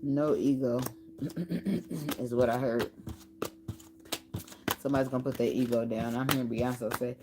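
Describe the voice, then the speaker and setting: A woman's voice: a bass voice, little pitch movement, moderate pace, long pauses, background noise. A woman giving a casual tarot reading, blunt and loose, swearing as she thinks aloud. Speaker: tarot reader. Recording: card shuffling and clicks behind the voice. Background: cards shuffling, clicks.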